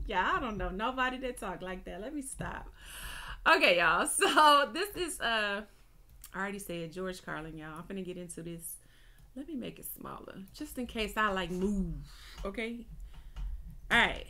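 A woman's voice: medium pitch, lively intonation, normal speed, bright, forceful tone, slight background noise. A woman hosting a reaction vlog, chatting casually to camera and tagging "y'all" and "okay" onto her sentences. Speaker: reaction video host.

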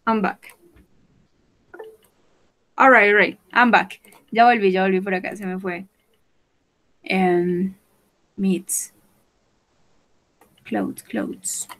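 A woman's voice: mid-range voice, flat delivery, takes it slowly, long pauses, fairly bright tone, poor audio. A woman teaching English vocabulary in an online class, repeating each word patiently for her students and switching into Spanish to explain.

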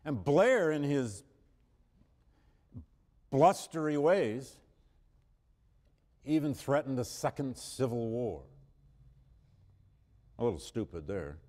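This history professor speaks at medium pitch with a sing-song, darkish voice, going a little slowly with long pauses. Lecturing emphatically in a large, echoing hall, he self-corrects, builds force when reading quotes, and coughs at times.

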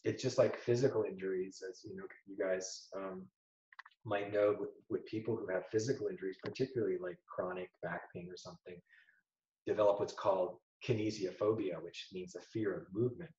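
A man's voice: low voice, steady tone, brisk, warm tone. A man speaking as a psychologist guest in a casual interview, reflective, quoting sayings and laughing often. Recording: roomy, dull sound.

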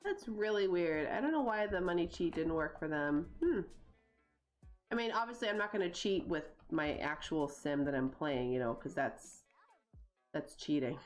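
A woman's voice: deep voice, moderate pace, faint music behind. A woman streaming a life-simulation game, rambling in casual commentary and talking exasperatedly to her chat.

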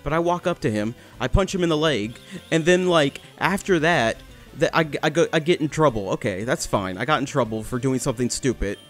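A man's voice: mid-range voice, animated, brisk, fairly bright tone, soft background music. A young man commentating his gameplay, telling a story in a rambling, swearing way with many restarts. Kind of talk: casual storytelling over gameplay.

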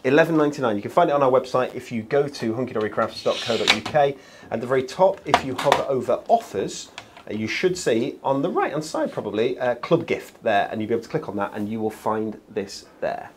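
A man's voice: mid-range voice, expressive, a little fast. A man hosting a live craft show in a chatty, casual way, reading out viewer comments, with faint noise behind him. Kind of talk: casual live shopping chat.

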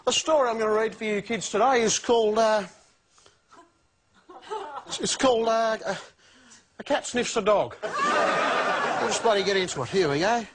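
An actor playing a crude, swearing Australian ex-convict who reads a children's story in a jovial yet menacing way, ending lines with a taunting "eh?". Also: male voice, high voice, moderate pace, long pauses, fairly bright tone. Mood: jovially menacing. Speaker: comedy sketch performer. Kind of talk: parody children's story reading. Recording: studio audience laughter and noise.

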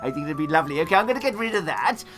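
A woman in costume, hosting a live role-play adventure and chatting playfully with viewers, swinging from hushed asides to booming announcements. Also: expressive, rapid-fire, over music. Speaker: costumed storyteller and game master. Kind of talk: live role-play storytelling to a streaming audience.

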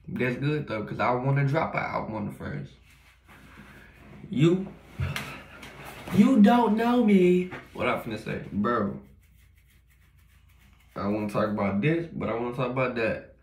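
Young male vlogger, gravelly, slangy and profane, rambling home monologue, echoey room. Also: medium pitch, moderate pace, a little hiss or hum. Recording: roomy echo.

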